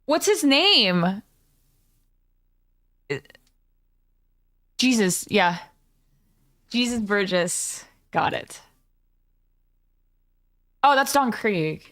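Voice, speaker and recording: A woman streamer in casual live-stream chat, chatty and excitable, swearing freely as she talks to her viewers. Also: medium pitch, very slow, long pauses.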